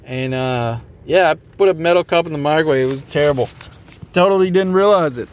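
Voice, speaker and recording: A man's voice: a little high, fairly quick, a little hiss or hum. A man hosting a podcast, talking casually and motivationally, rambling a bit and poking fun at himself while repeating his catchphrases. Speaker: podcast host.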